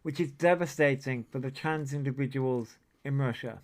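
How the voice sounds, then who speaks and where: A man's voice: medium pitch, moderate pace. A man hosting a casual livestream, rambling off on tangents and swearing often. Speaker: livestream host. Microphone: desk mic that picks up a lot.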